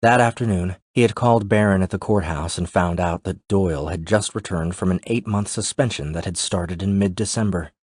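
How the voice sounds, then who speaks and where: A man narrating a thriller audiobook in a steady, measured way. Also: sits low, slightly rough, dry recording, clean studio sound.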